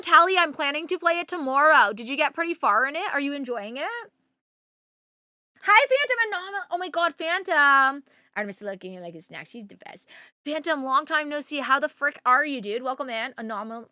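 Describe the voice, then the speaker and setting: A woman's voice: high voice, pushed and bright, no echo, clean studio sound. A young adult woman hosting a livestream, chatting casually with her viewers, greeting them by name and telling a story with lots of fillers. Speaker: livestream host. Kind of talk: casual chat with live chat.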